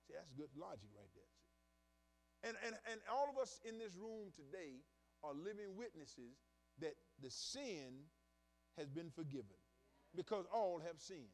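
Southern American pastor, high and animated voice, chatty joking sermon. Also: male voice, a little slow, rough recording. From Southern United States. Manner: animated, conversational preaching with humor. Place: church room.

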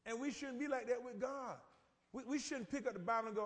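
A man's voice: very high-pitched, racing, fairly bright tone. A middle-aged male pastor giving a folksy, informal sermon with dialect and call-and-response. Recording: echoey church hall reverb.

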